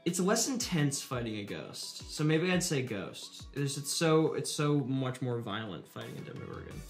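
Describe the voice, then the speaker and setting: A man's voice: mid-range voice, big pitch swings, normal speed, soft background music. A young man, an actor promoting a film, chatting casually in an interview, rambling with lots of filler words. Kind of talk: casual press junket chat.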